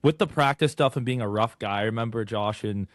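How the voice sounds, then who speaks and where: A man hosting a casual podcast, chatty, with quick restarts. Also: fairly low pitch, no room sound, studio quality. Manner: rapid, chatty, trailing restarts. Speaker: podcast host.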